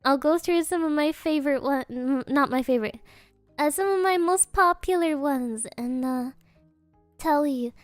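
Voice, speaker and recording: Playful woman streamer, high voice, unhurried, dry close sound. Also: no echo, soft background music. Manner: playful, giggly, silly joking answers. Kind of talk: casual live Q&A chat.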